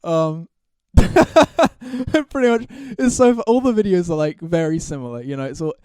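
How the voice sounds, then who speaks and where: A man's voice: high-pitched, lively intonation, measured pace, darkish tone, clear, resonant tone, dry recording, studio quality. Rambling, profane solo podcast guy. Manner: rambling, profane, with frequent restarts; laughs through his stories. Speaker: podcast host. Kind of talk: casual solo podcast monologue.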